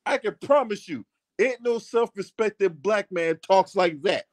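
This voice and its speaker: A man delivers a heated commentary on his own channel in a high voice. His pitch swings widely as he presses his points. He swears freely and repeats lines for emphasis. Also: expressive, unhurried. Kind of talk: ranting commentary.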